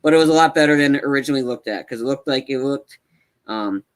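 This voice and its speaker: A man co-hosting a casual movie podcast, rambling and excitable, with many restarts. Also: mid-range voice, fast talker. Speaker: podcast co-host.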